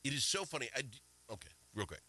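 A man hosting a casual political talk radio show, animated and indignant, swinging between loud outbursts and quiet asides. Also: mid-range voice, fast, no room sound, poor audio. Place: Minnesota.

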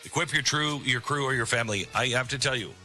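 A middle-aged man with a very bright, forward voice talks to his radio audience in a loose, rambling monologue. He slips in sarcastic asides, and faint music sits under him. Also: medium pitch, fast. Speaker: radio show host. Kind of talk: talk radio monologue with live ad read.

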